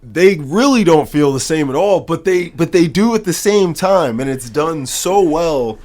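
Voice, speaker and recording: A man's voice: a little high, measured pace. A man co-hosting a podcast, chatting casually and enthusiastically about movies. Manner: enthusiastic, animated fan talk. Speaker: podcast co-host. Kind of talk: casual chat.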